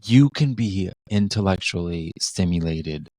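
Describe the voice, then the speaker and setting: A middle-aged man with a low voice talks in loose, reflective podcast chat, restarting his sentences as he thinks. The recording is dry and close. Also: animated, unhurried, dark tone, dry recording. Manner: reflective, many restarts and fillers. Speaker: podcast co-host. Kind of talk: casual conversational chat.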